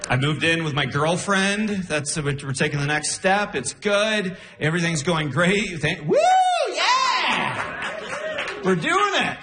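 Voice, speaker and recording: A man doing a stand-up comedy set, telling stories with animated, incredulous outbursts. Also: a little slow, hardly any pauses, noisy background. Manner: animated storytelling, jumping into high-pitched incredulous outbursts. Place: comedy club stage. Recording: roomy live venue sound. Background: audience laughter.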